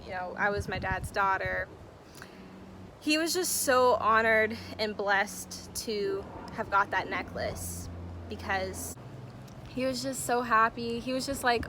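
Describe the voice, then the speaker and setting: A woman's voice: mid-range voice, a little slow, background noise. A young woman telling a personal story to her camera in a chatty, emotional way, with lots of fillers. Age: young adult. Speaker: vlogger. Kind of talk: casual story-time vlog.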